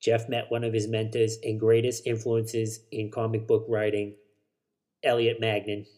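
A man's voice: on the low side, completely flat delivery, moderate pace, a little mellow. A man hosting a solo podcast, rambling casually about shows and movies, swearing and correcting himself as he goes. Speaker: podcast host.

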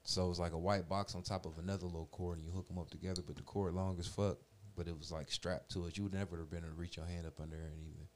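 A man's voice: sits low, rapid-fire, hardly any pauses, noisy background. A man in his forties telling a long story in casual chat, full of slang and swearing, acting out the voices of the people in it. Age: 40s. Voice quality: profane slangy street talk, animated retellings.

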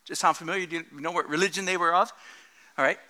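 A man preaching a sermon in an animated, joking way, laughing often at his own jokes. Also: a little high, rapid-fire. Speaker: pastor.

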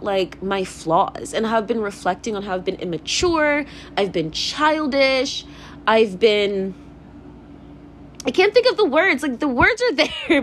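A woman's voice: on the high side, slight background noise. A young woman hosting her own podcast, rambling in a casual confessional rant, swearing freely and laughing often. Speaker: podcast host.

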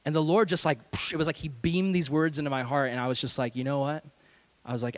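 A young adult man, a youth pastor, telling a lively self-deprecating story in a sermon and acting out the voices. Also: on the high side, quick pace. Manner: animated, self-deprecating, acts out voices in stories.

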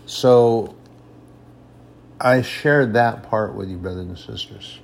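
A man preaching a sermon with emphasis, repeating his points for stress and reading scripture in a raised, slow voice. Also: fairly low pitch, vocal fry.

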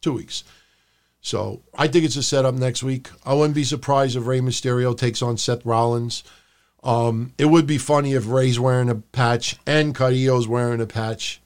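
A man's voice: mid-range voice, steady tone, moderate pace. A man co-hosting a wrestling podcast, talking casually and profanely, acting out his rants in a raised voice. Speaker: podcast co-host.

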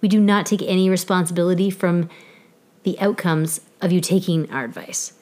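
A woman reading a formal disclaimer in a measured, even way. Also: fairly low pitch. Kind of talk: read disclaimer.

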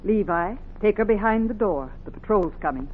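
An actress playing a steady, devout Quaker woman who shelters runaways, speaking firmly in an old radio drama. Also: mid-range voice, normal speed, close to an everyday voice. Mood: urgent. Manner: steady, firm, righteous. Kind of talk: 1950s radio drama acting. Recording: tinny old radio recording with hiss.

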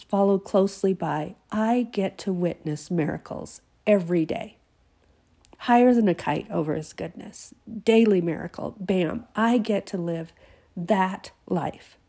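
A woman's voice: mid-range voice, dark tone. A woman giving an earnest devotional talk to her listeners while sick with a fever and teary, emphatic and sometimes dropping to a whisper. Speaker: Christian devotional host.

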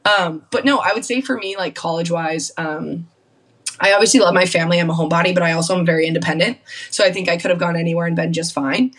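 Young woman from minnesota, husky lowish voice, chatty, does little voices when she quotes people. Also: quick pace, far from the mic. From Minnesota, USA. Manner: chatty storyteller, acts out quotes. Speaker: guest hockey player. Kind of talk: casual podcast chat.

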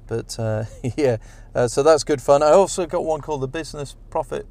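A man's voice: a little high, fairly quick, no echo. A man co-hosting a podcast, chatting casually and jokingly while reading out listener reviews. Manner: jokey, relaxed, reads listener reviews. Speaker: podcast co-host.

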